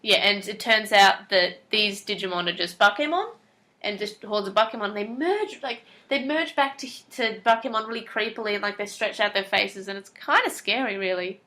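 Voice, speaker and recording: A woman's voice: mid-range voice, moderate pace, bright, forceful tone. A woman co-hosting a podcast, chatting casually as she recaps episode plots and quotes characters. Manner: chatty, recaps plot and acts out lines in quotes. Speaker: podcast co-host. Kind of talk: casual chat.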